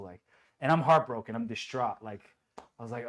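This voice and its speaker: A man who voices a superhero, chatting as an interview guest in an office, telling lively stories, acting out what people said and laughing often. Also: mid-range voice, fairly quick. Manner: animated storyteller who acts out quotes and laughs often. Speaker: voice actor guest. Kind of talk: casual interview chat. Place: indoors at a toy company office.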